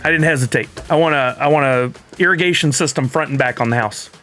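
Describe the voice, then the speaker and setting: A man's voice: medium pitch, fast, sharp tone, faint music behind. A middle-aged man hosting a stream, telling a story in casual chat and acting out both sides of the conversation. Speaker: streamer host.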